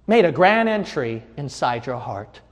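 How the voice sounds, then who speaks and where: A man preaching a sermon as pastor, building from quiet reflection into shouted crescendos. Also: on the high side, very animated, unhurried, big-room sound.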